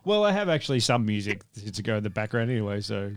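Podcast host, male, casual and animated, voice jumps around a lot. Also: lowish voice, quick pace. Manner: animated, laughing, rambling. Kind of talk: casual chat.

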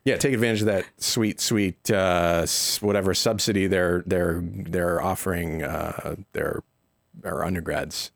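A man's voice: deep voice, steady tone, unhurried, creaky, no room sound, clean studio sound. A man hosting a casual podcast, joking and hesitant, with many fillers and restarts.

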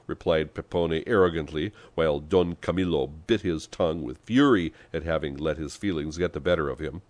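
A man reading a story aloud as an audiobook narrator, expressive storytelling. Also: low-pitched, normal speed, dry recording. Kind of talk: scripted narration.

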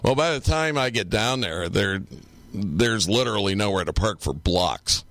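Man, low voice, middle-aged, casual podcast storyteller, swears a lot, laughs mid-story, dry close sound. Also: animated, normal speed, a bit bright, dry recording. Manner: rambling, profane, laughs through his stories. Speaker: podcast co-host.

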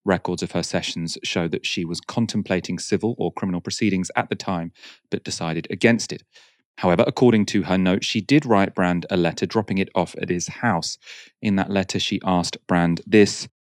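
Deep, dry-voiced male documentary narrator. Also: normal speed, dry recording.

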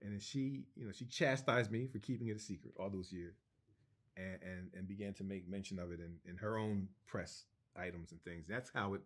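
A man's voice: deep voice, brisk. Enthusiastic man telling a story. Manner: animated, enthusiastic storytelling with restarts and laughs. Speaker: interview guest, co-writer. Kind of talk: storytelling anecdote in an interview.

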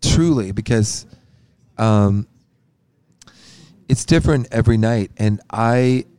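A man's voice: medium pitch, slow pace, darkish tone, clear, resonant tone, no room sound. Rambling man in casual chat. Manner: rambling, many fillers and restarts. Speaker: podcast guest, musician. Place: backstage at a concert venue.

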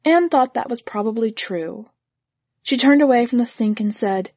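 Husky-voiced woman narrating a story. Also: a little high, lively intonation, normal speed, a little mellow, dry recording.

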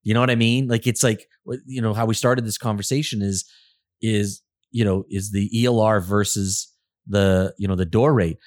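Low-voiced rambling middle-aged man. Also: steady tone, normal speed, darkish tone, no room sound, clean studio sound. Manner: rambling, full of restarts and fillers. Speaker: podcast co-host, auto service consultant. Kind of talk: casual podcast chat.

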